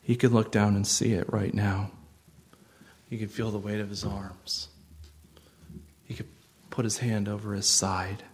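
A man preaching a sermon as pastor, earnest and gentle, with sudden swells of intensity. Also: on the low side, flat delivery, measured pace, pauses often.

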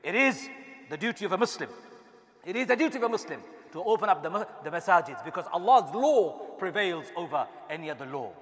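Impassioned high-voiced preacher in an echoing hall. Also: male voice, animated, fast. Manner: passionate, rising to shouts, rhetorical questions. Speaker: imam. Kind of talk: impassioned sermon. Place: mosque hall. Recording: long reverb in a large hall.

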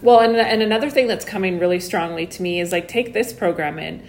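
A woman hosts a casual spiritual chat with lots of energy. She swears freely and acts out other people's words in her own voice. A faint low rumble of noise sits under the talk. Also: a little fast, darkish tone.

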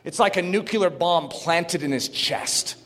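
Male preacher, sermon delivery, fervent and shouting at peaks, high-pitched, long hall reverb. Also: a little slow. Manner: builds from calm teaching to shouted preaching; reads quotes aloud, jokes with the congregation.

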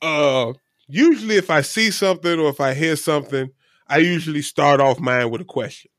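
A man's voice: on the high side, a little fast, a bit bright, no echo, studio quality. A man co-hosting a casual chat, talking in a frank, rambling way and swearing casually. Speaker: podcast co-host.

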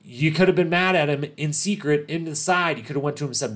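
A man hosting a casual recap podcast, talking in an animated, emphatic way and repeating points for stress. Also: a little high, quick pace. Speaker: podcast host recapping a reality show.

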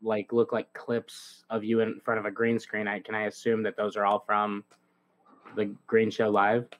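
A man co-hosting a podcast, asking questions in a halting way full of restarts. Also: fairly low pitch, completely flat delivery. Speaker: podcast co-host. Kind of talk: casual podcast chat.

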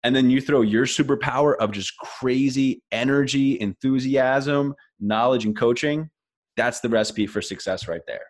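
A man's voice: mid-range voice, moderate pace. A man co-hosting a podcast, asking thoughtful, reflective questions in a casual way. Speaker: co-host.

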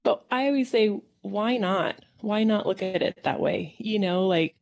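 A woman's voice: mid-range voice, unhurried, gravelly, a little mellow. A woman acupuncturist in casual conversation, reflective and upbeat, often laughing as she talks.

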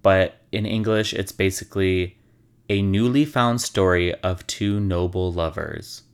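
A man tells stories with sarcastic asides and casual swearing. His voice sits low and smooth, and he takes his time over each line. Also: measured pace. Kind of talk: casual storytelling.

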